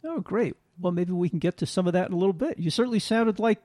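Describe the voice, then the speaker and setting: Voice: medium pitch, fast talker, warm tone, no room sound, studio quality. A co-host asking questions in a friendly, casual way.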